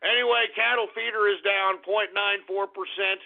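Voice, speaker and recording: A man's voice: sits high, steady tone, moderate pace, creaky. A male radio host giving a brash, profane, mocking monologue over a tinny phone-line stream. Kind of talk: irreverent call-in radio monologue.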